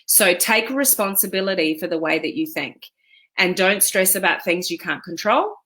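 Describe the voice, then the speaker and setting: In a lowish, bright voice with a forceful tone and lively intonation, a woman who coaches online businesses speaks at a moderate pace. She gives her online community casual, encouraging motivational advice, chatty and packed with fillers and quoted self-talk.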